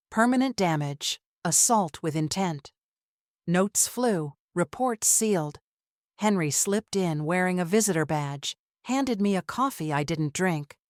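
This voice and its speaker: A woman narrating a dramatic first-person story in measured, clipped phrases. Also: lowish voice, no echo, studio quality.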